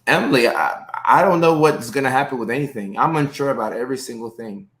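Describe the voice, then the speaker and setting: A man's voice: medium pitch, fast talker, fairly bright tone. Upbeat man in his thirties hosting a live stream. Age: 30s. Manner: upbeat, greets viewers by name, many fillers. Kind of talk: casual live-stream chat with viewers.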